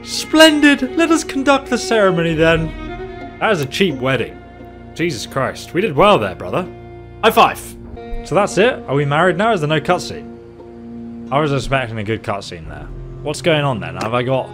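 Excitable man joking through gameplay. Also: mid-range voice, normal speed, over music. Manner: joking, excitable, talks to game characters. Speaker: gaming YouTuber. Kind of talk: let's-play commentary.

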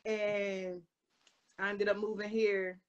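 A woman's voice: mid-range voice, level tone, slow pace, highs cut off, a crowd in the background. A young woman from Baltimore with a Baltimore accent, chatting brashly and cursing freely as a guest on a livestream. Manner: brash, profane, laughing. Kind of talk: casual chat on a livestream.

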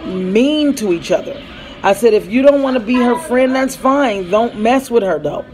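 A woman's voice: a little high, moderate pace, a little mellow, slight background noise, low-quality recording. A woman in her thirties at home, telling a rambling story in a casual vlog and acting out the dialogue. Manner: rambling, acts out quoted dialogue, breaks off to call to her kids. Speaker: mother vlogging about family life. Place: at home with children around.

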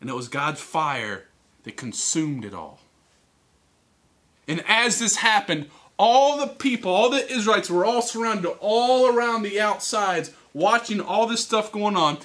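A man preaching to teens, telling a Bible story with animated, teasing character voices. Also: sits high, measured pace. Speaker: youth speaker. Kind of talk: youth sermon storytelling. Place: church hall.

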